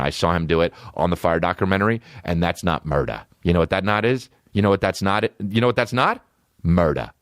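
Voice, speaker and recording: Podcast host dude cursing a lot, lowish voice that jumps all over, super dry close sound. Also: male voice, no echo. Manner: profane, animated ranting with repeated phrases. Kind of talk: comedic podcast riffing.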